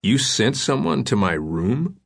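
A man's voice: mid-range voice, big pitch swings, measured pace, gravelly, pitched above the performer's own voice, full character voice. A man voicing a tired, dazed American professor who asks weary, guarded questions. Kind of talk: audiobook character voice.

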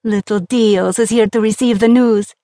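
A warm, tearful mother embracing her son's bride-to-be, as a female narrator puts her on in an audiobook. She speaks slowly and with emphasis, a little higher than the narration. The sound is close and dry. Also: steady tone, no echo, lightly acted. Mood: delighted. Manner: slow, emphatic, tearful joy. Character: warm, emotional mother of the groom. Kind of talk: audiobook character voice.

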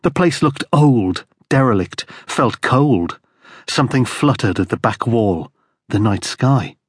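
A man reading a crime thriller audiobook as narrator, in steady, grim storytelling. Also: medium pitch, slow, slightly rough, dry recording, studio quality. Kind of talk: scripted narration.

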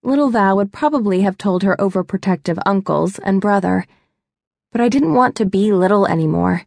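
A woman's voice: mid-range voice, moderate pace, gravelly, darkish tone, no room sound, studio quality. A young woman narrating a first-person romance audiobook in a wry, chatty, self-mocking way. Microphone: close studio mic.

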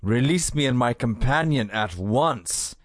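A man's voice: medium pitch, animated, a little slow, no room sound, clean studio sound, close to an everyday voice. A man voicing a proud older prisoner who defiantly demands his release. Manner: defiant, commanding.

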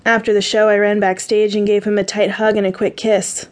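Woman narrator, audiobook, first-person romance, measured, even, mid pitch.

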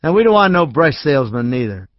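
A man's voice: on the high side, very animated, fast talker, no room sound. Man voicing a drunk bully, thick slurred speech, sneering, dry studio, slightly muffled. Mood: hostile. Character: drunk belligerent grown man, surly.

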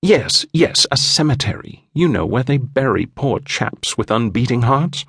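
A man doing a fussy, pompous English gentleman. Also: medium pitch, animated, measured pace, breathy edge, no echo, clean studio sound, pitched above the performer's own voice, exaggerated voice. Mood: fretful. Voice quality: pompous, formal and fretful. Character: fussy, anxious English gentleman, short and balding.

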